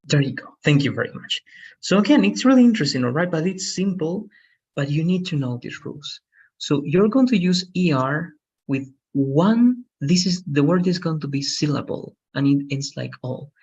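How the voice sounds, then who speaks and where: A man's voice: fairly high pitch, sing-song, moderate pace, darkish tone, slightly rough, muffled recording. A man teaching an online English lesson. He is patient, repeats each rule and keeps checking with "right?".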